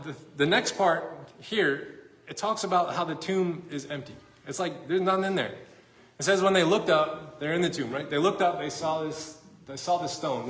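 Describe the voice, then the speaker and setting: A man's voice: on the high side, a bit bright. A middle-aged man, a pastor, giving a sermon in a conversational storytelling way that pokes fun at himself. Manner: conversational storytelling, self-deprecating. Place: church sanctuary. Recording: echoey church room.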